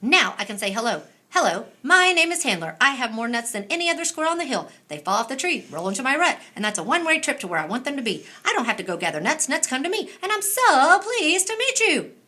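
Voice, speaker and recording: A woman voicing a fast-talking, boastful male squirrel in a storybook reading. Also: very high-pitched, sing-song, sharp tone, pitched above the performer's own voice, full character voice. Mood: excited. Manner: rapid, chirpy, boastful. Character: fast-talking excitable male squirrel, proud nut counter. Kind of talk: storybook read-aloud.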